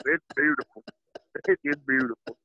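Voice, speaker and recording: A man's voice: mid-range voice, normal speed, sharp tone, no room sound, dull audio, pitched below the performer's own voice. An actor playing a lovestruck, overexcited male football coach on a comedic morning talk show, talking in a folksy, preachy, emotional way. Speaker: guest. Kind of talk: comedic character bit.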